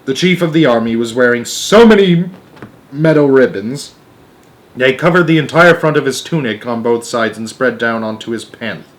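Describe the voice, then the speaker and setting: A man reading a children's book aloud as a storyteller, with an animated delivery. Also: mid-range voice, normal speed.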